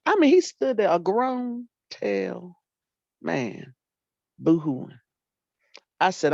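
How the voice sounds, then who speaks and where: An older woman, a retired teacher and librarian, telling animated stories about her students in casual talk and acting out what people said. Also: fairly low pitch, slow pace, vocal fry, pauses often, dry recording. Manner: animated storyteller, acts out quotes, folksy Southern phrasing. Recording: dull lo-fi dry sound.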